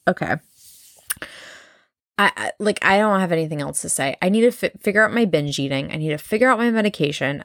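A young woman with an East Coast American accent hosting a solo podcast, talking fast, candid and profane, rambling from one thought to the next. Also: lowish voice, fairly bright tone, no room sound, clean studio sound. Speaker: podcast host.

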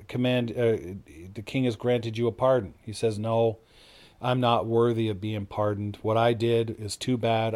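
A middle-aged man teaches from the Bible in an informal, sermon-like way. His pitch sits in the middle range. He tells his story casually, acting out the quoted lines and often stopping to restart a phrase. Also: darkish tone.

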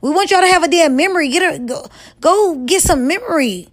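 A woman vlogger giving relationship advice in a blunt, profane, scolding rant, stretching words and jumping up in pitch for emphasis. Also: expressive, brisk. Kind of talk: casual rant to camera.

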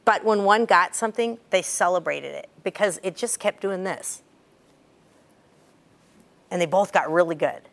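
This is a middle-aged woman coaching a room of young athletes in a chatty, storytelling way. Her delivery is lively, and she leans hard on the lines she wants them to remember. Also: on the low side, measured pace, vocal fry, long pauses. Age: 50s. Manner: lively, chatty storyteller with sudden bursts of emphasis. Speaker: cheer coach. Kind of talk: coaching talk to a group of athletes.

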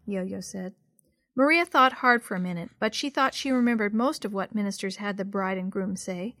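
A woman narrating a children's storybook with a clear, steady read-aloud delivery. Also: mid-range voice, moderate pace, no room sound, studio quality.

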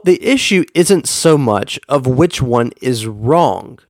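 A man's voice: mid-range voice, dry recording, clean studio sound. A man teaching a Bible lesson, reading verses aloud with shifting stress and asking his listeners rhetorical questions.

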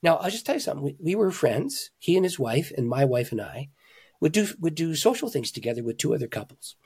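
A man, a pastor and author, telling stories in an interview with animated emphasis, swinging between loud, excited lines and hushed ones. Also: a little high, fast talker, slightly rough. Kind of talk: conversational storytelling.

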